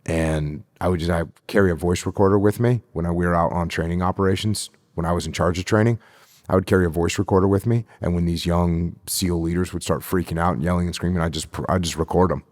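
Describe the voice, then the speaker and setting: Deep-voiced, emphatic middle-aged man. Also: fairly even intonation, fast talker, darkish tone, no room sound, clean studio sound. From United States. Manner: emphatic, repeats key phrases for stress. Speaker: guest, retired military officer. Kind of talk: podcast interview.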